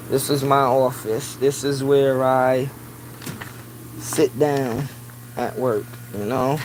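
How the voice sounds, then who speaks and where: A man with a mid-range voice hosts a casual live stream from his small office at work, in a rough recording with a little hiss or hum. He talks in loose run-on phrases packed with "you know" and turns loud and preachy when riled.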